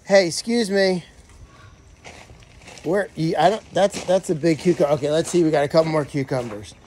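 A man's voice: fairly high pitch, normal speed, slight background noise. A middle-aged man on a casual livestream, chatting to rescue pigs and calling their names outdoors on a farm. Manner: chatty, talks to pigs, calls names loudly. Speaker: animal sanctuary caretaker.

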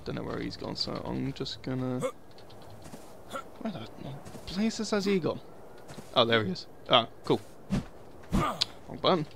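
A man's voice: medium pitch, big pitch swings, unhurried, gravelly, long pauses, noisy background. Sweary man muttering over gameplay. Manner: muttering, sweary, jumpy asides to himself. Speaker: gaming video host. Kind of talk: casual gameplay commentary.

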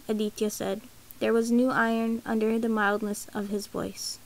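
A woman narrating a novel aloud in a steady, even storytelling voice. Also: a little high, normal speed, gravelly, rough recording. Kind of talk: audiobook reading of a novel.

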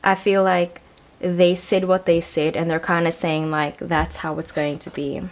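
A woman's voice: on the low side, little pitch movement, unhurried. Chatty young woman doing a tarot reading. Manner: chatty and slangy, many "like" and "I feel like". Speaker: tarot reader. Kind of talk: casual tarot card reading.

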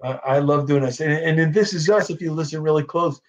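A middle-aged man spins lively personal stories in a relaxed interview, slipping into the voices of the people he quotes. His voice sits fairly high for a man, and the recording sounds dull and lo-fi. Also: brisk. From North Jersey. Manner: animated anecdotes, acts out quoted voices, frequent "you know". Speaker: actor guest. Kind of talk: casual storytelling interview. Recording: dull lo-fi audio.

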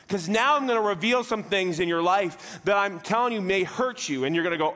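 Pastor guy preaching, kinda high voice, jokey, acts out the little stories, big church echo. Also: animated, quick pace, few pauses, fairly bright tone. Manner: conversational and joking, acting out little scenes in quoted voices. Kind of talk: sermon. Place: church sanctuary.

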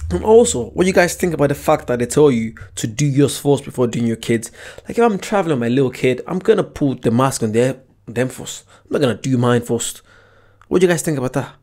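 A man's voice: mid-range voice, animated, a little fast, darkish tone. A man hosting a reaction video, chatting casually and directly to his viewers in a slangy way. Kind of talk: casual chat to camera.

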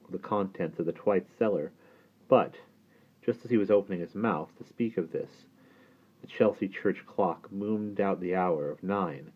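A man reading a novel aloud in steady audiobook narration. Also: sits low, breathy edge. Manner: steady storytelling. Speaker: audiobook reader. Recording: tinny phone-like sound.

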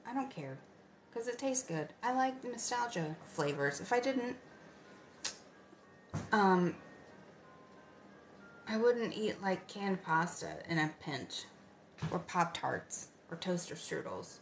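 A woman in her fifties hosting a casual late-night livestream from home, chatty and answering viewer comments with soft asides. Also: lowish voice, expressive, takes it slowly, pauses often, soft background music. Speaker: livestream host.

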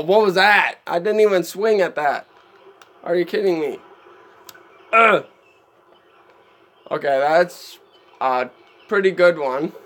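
High-voiced man chatting through a game. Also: a bit bright. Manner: chatty, exasperated, laughs often. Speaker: streamer. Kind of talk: live gameplay commentary.

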